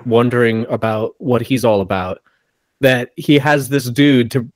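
A man's voice: medium pitch, measured pace, dry recording. A man co-hosting a podcast, talking through a movie in casual chat and adding wry asides. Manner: chatty, adds wry asides and agreements. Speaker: podcast co-host.

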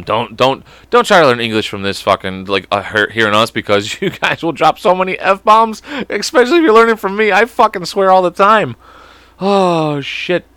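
An American man hosts a comedy podcast alone, tripping over his reading and cursing freely as he wanders off topic. His pitch swings in a wide, lively way, and his voice has a bright, forceful edge. The recording is dry and close, with almost no room sound. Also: clear, resonant tone, dry recording. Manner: profane, goofy, drifts off topic, puts on silly voices; stumbles over words while reading. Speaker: podcast host. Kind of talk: rambling comedic podcast monologue.

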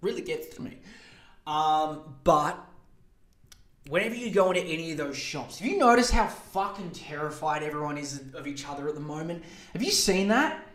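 An Australian man hosts a comedy podcast, ranting and rambling with plenty of swearing as he dishes out mock advice. His voice is a little high, animated and a bit bright, moving at a moderate pace. The recording has a roomy echo.

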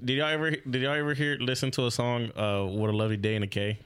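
A man in a casual podcast chat, telling stories in a rambling, halting way. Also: medium pitch, level tone, a bit bright, a little hiss or hum. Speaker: podcast co-host.

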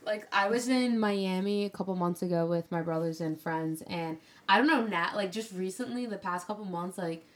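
A woman in her twenties co-hosting a podcast, telling animated stories in casual chat and swearing freely. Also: mid-range voice, moderate pace, hardly any pauses. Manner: animated storytelling, heavy swearing. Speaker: podcast co-host.

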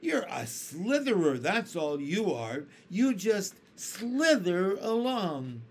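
A man's voice: high voice, very animated, slow pace, breathy edge, full character voice. A man doing a boastful vain centipede. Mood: scornful. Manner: proud, bickering.

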